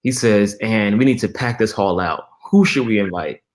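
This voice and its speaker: Animated man telling a story. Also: fairly low pitch, normal speed. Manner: animated storyteller, acts out quoted dialogue with laughs. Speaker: interview guest, church musician. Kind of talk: storytelling in a casual interview.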